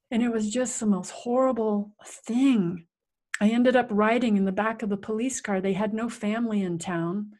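Middle-aged woman, interview guest; vivid, animated storyteller who acts out sounds and voices, medium pitch. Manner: vivid, animated telling with acted-out sounds and quotes. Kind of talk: personal storytelling in conversation.

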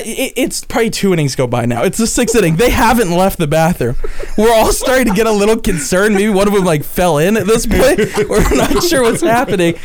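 A young man from the Las Vegas area, co-hosting a podcast and telling a funny story in casual chat, acting out his friends' lines. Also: high voice. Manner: animated storyteller, acts out quoted friends. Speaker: podcast co-host.

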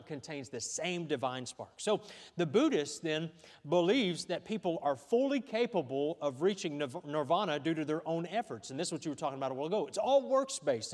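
A man's voice: fairly high pitch, big-room sound. A man with a Texan accent preaching a sermon as pastor, talking conversationally with frequent fillers and restarts.

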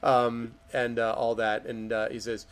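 A man's voice: mid-range voice, level tone, measured pace, a loud crowd. A man narrating a tabletop game as game master, with loose delivery full of fillers, voicing the characters' lines himself.

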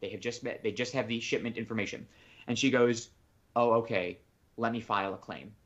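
A man co-hosting a casual podcast, rambling through a long story and acting out the phone calls he made. His voice sits at an ordinary middle pitch. The recording sounds somewhat dull and lo-fi. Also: steady tone, a little fast, fairly bright tone. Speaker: podcast co-host. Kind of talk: casual chat.

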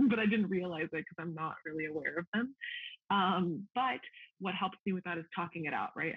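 A man's voice: a little high, slightly rough, dry recording. Man on a tinny remote call. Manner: rambling and chatty, laughs often, acts out own inner dialogue. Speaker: guest, reading practitioner and course creator. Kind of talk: casual interview chat. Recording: tinny phone-like call line, dry.

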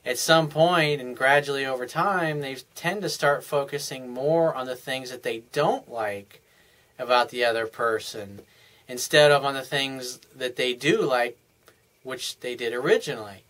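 A man of ordinary, middle pitch talks through relationship advice in a loose, unscripted monologue. He sounds earnest and frank, and uses casual, everyday language as he explains things step by step. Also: a little slow, a bit bright.

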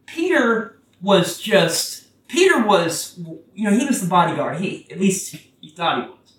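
A preacher giving a casual, conversational sermon that gets animated when quoting scripture. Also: medium pitch, a little slow. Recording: roomy, from a distance.

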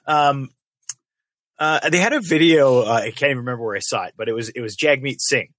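A man co-hosts a podcast, chatting in an easygoing, wry way with frequent fillers. His voice is mid-pitched and bright. The recording is dry and close. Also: fairly quick, dry recording. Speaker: podcast co-host. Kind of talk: casual podcast banter.

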